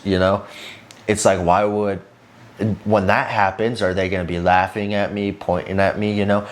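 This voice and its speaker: A man's voice: lowish voice, flat delivery, normal speed. A young man vlogging casually, talking with intense drive, swearing often and rambling with lots of fillers. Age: young adult. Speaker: fitness vlogger. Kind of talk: casual motivational talk to camera.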